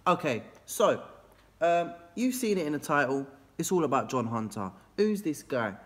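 A man teaching history in an energetic, jokey revision video from a classroom, swooping up in pitch and talking straight to his students. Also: normal speed. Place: classroom, filmed after school. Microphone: camera facing out toward board.

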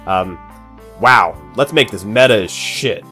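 A man giving comedic let's-play commentary as a gaming YouTuber, goofy and jokey, with sudden excited yelps. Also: lowish voice, slow, soft background music.

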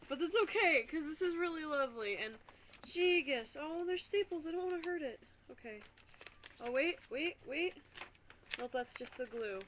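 Excitable high-voiced young woman. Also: normal speed, background noise. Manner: excitable, swears a lot, giggly and chatty. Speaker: vlogger. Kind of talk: casual webcam vlog, unboxing a package. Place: her room, indoors. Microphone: webcam.

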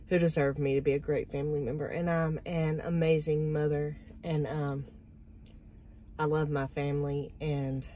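A woman's voice: low voice, dark tone, a little hiss or hum, poor audio. A middle-aged woman, talking in a rambling, heartfelt way for a casual vlog, with lots of ums. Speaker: vlogger.

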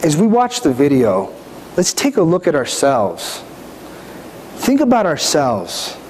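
A man's voice: a little high, wildly swooping pitch, unhurried, darkish tone. A middle-aged male pastor preaching a sermon in a church, speaking conversationally and often asking the congregation questions. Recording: reverberant hall, faint background noise.

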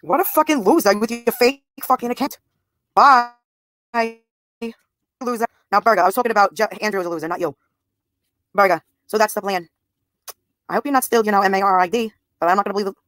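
A woman in her thirties talking to her live chat, blunt and profane, answering comments as they come in. Her voice sits at an ordinary middle pitch for a woman. The sound is close and dry, with no room echo. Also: fast talker, long pauses, a bit bright. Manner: blunt and profane, addressing viewers' comments directly. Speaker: livestreamer. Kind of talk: live stream talk to chat.

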